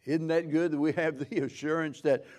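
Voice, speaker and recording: A man preaching a sermon as pastor, slow and measured, with frequent restarts. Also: a little high, fairly even intonation, a little mellow.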